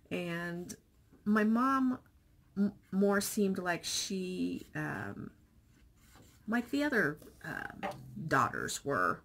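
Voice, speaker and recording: This vlogger is a middle-aged woman whose mid-range voice sounds gravelly with a breathy edge. She tells a family story in a chatty, emotional, open way, acting out the dialogue in lively voices.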